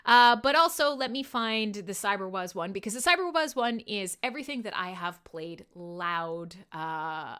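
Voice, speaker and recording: Bright-voiced woman hosting a casual livestream. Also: medium pitch, smooth. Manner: rambling, self-deprecating, swears casually, laughs often. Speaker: livestream radio host.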